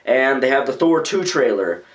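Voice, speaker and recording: In this casual vlog commentary, a young man from the United States speaks animatedly at a moderate pace and medium pitch. His talk is loose and full of fillers as he rambles.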